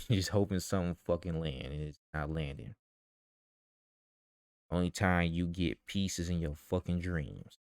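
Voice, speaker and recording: Deep-voiced man ranting, heated and profane. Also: darkish tone, no echo, clean studio sound. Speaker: vlogger. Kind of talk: ranting commentary.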